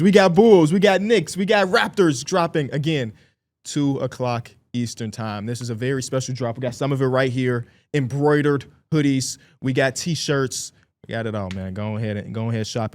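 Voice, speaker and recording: A man's voice: mid-range voice, darkish tone, no echo. Chicago man, podcast host, dry close sound, casual upbeat talk. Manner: upbeat, promotional, quick asides.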